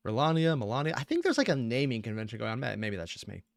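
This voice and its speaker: A man in casual reaction commentary, excitable and giggly, with rambling asides, on a close mic. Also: mid-range voice, quick pace, creaky, noisy background. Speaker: reaction video host.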